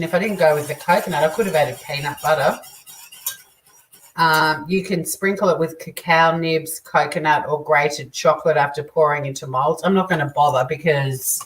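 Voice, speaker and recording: An Australian woman hosting a casual live cooking stream, chatting, joking crudely and reading out viewer comments as she cooks. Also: deep voice. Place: home kitchen. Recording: distant mic with faint kitchen clatter. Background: clinking dishes and cutlery.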